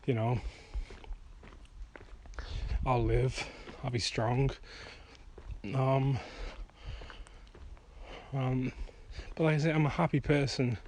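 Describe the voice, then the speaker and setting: A man's voice: mid-range voice, level tone, takes it slowly, long pauses, a little mellow. A man talking frankly while walking outdoors at night, rambling and swearing freely as he gets heated. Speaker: vlogger and songwriter. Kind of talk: casual rambling monologue.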